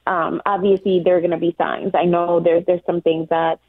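A woman's voice: on the low side, flat delivery, moderate pace, no room sound. A woman calling a radio show by phone, speaking hesitantly and sounding grateful. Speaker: caller. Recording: tinny phone line.

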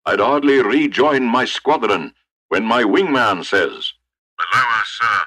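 A man's voice: lowish voice, lively intonation, unhurried, bright, forceful tone, voice pushed up, full character voice. A man playing a boastful war-hero fighter pilot in a comedy sketch, telling his story in a hammy way.

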